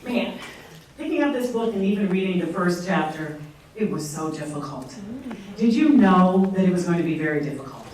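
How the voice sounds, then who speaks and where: A woman interviewing an author on stage, asking her questions gently and with a little hesitation. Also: on the low side, animated, normal speed, a little hiss or hum. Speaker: event interviewer. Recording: echoey hall, distant mic.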